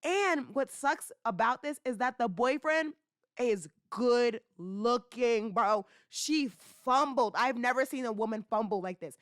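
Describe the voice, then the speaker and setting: A young woman hosting a casual commentary podcast, talking in slangy, animated bursts full of rhetorical questions and teasing. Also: a little high, measured pace, no echo, studio quality. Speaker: podcast host.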